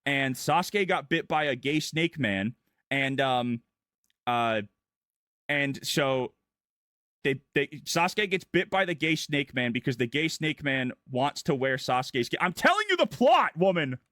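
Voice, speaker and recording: A man's voice: medium pitch, a little slow, pushed and bright, no echo, studio quality. A man streaming as a vtuber, goofily recapping a story in long run-on sentences. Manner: goofy, irreverent, breathless run-on storytelling. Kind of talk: casual rambling plot recap.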